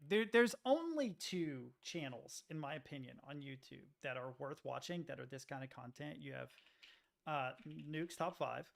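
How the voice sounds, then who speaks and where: A man streaming, chatting casually and reacting to videos, rambling and swearing as he goes. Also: on the high side. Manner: profane, rambling, animated.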